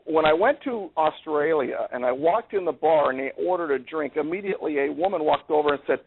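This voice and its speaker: A gravelly, slightly high-voiced man trades sarcastic political banter, often stumbling over his first words before he gets going. The sound is thin and tinny, like a phone line, with a faint hiss underneath. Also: animated, fairly quick. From United States. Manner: sarcastic, stammering restarts. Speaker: co-host. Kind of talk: casual political chat.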